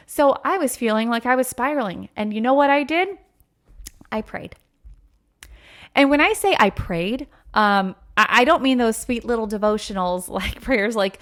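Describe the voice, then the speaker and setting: A woman's voice: moderate pace, a bit bright. Earnest, emotional woman podcast host. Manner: emotional, earnest, full of fillers like "right?"; acts out quoted voices with sudden pitch jumps. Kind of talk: personal faith podcast monologue.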